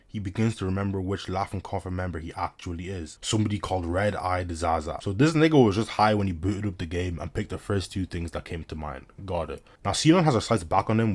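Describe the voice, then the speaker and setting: A young man with a fairly low voice cracking jokes through an anime recap. He talks in heavy slang, hyped and riffing on every scene. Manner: slangy, hyped, joking asides. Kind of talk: comedic anime recap commentary.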